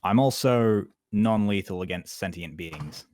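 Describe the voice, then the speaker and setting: A man's voice: deep voice, unhurried, a little mellow, no room sound, studio quality. A man playing a tabletop game with friends over a voice call, putting on an accent for his character. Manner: plays a character with a put-on accent, hesitant about it. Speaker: player. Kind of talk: casual tabletop game chat.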